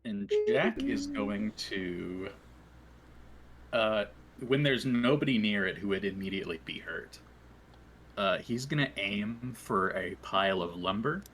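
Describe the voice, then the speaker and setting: A man's voice: lowish voice, expressive, unhurried, a bit bright, a little hiss or hum. A man playing a tabletop game, describing his character's actions hesitantly with fillers. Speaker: player. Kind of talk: casual tabletop play.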